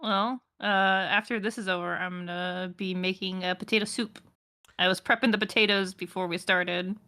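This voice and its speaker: A woman's voice: mid-range voice, steady tone, moderate pace, bright, forceful tone. A woman co-hosting a livestream, chatting casually with fillers and small laughs. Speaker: co-host.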